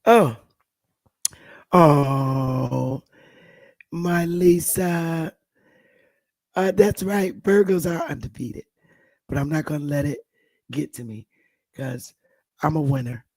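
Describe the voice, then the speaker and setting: A woman hosting a casual livestream, hoarse while her voice recovers, talking softly and greeting viewers by name. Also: sits low, steady tone, slow, pauses often, no echo. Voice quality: gravelly, husky. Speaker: livestream host.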